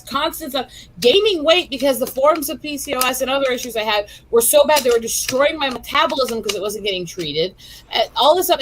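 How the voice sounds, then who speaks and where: A woman's voice: high-pitched, fairly bright tone, slight background noise, low-quality recording. A woman co-hosting a casual chat stream, outspoken and frank as she talks openly about personal matters. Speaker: stream co-host.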